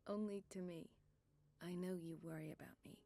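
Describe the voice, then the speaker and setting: An actress playing a calm, authoritative psychiatric doctor with a measured, clinical way of speaking. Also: female voice, on the low side, close to an everyday voice. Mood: gentle.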